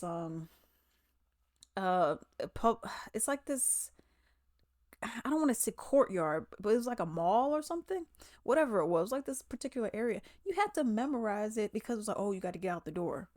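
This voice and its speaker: A woman's voice: fairly low pitch, dry recording. Chatty woman vlogger, dry sound. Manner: animated, chatty and opinionated; slangy, drawling delivery. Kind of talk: casual commentary vlog.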